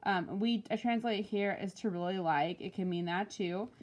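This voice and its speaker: A woman Spanish teacher walking through homework answers, explaining patiently and slowing down to pronounce each Spanish example. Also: mid-range voice, a little mellow, slight background noise. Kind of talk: recorded homework walkthrough.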